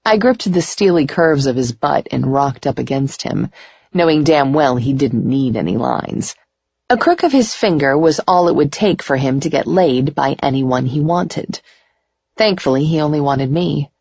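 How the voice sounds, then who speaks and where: A woman narrating a first-person romance audiobook in a slow, intimate way. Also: low-pitched, animated, gravelly, a little mellow, breathy edge, no room sound. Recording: slightly dull lo-fi recording.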